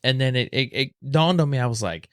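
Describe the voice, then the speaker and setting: A man's voice: mid-range voice, a little fast, no echo, clean studio sound. A young man casually telling a story as a podcast guest, acting out what people said. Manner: animated, acts out quoted voices.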